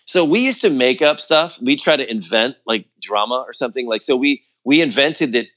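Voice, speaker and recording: A man telling a story about his old band in casual chat, acting out quotes in a higher voice, with lots of fillers. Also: lively intonation, moderate pace, a bit bright, dull audio. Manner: loose and chatty, many fillers like "like" and "you know". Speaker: guest musician.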